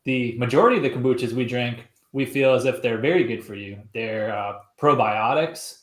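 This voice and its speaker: A man's voice: mid-range voice, moderate pace. Casual: chill co-host guy, upbeat, kinda echoey room. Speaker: podcast co-host. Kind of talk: casual chat on a live stream.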